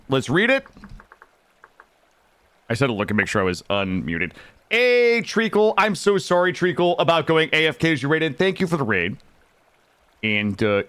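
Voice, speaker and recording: A young man streaming a game live, talking to his chat in a loud, excitable way with sudden yelps. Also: fairly high pitch, no room sound. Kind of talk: live gaming stream commentary.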